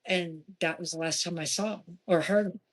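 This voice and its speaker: A woman, probably in her forties, casually recounting her experiences in a haunted house, animated and lively when she quotes other people. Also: normal speed. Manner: animated, jumping in pitch for quoted voices. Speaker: guest. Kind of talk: casual storytelling.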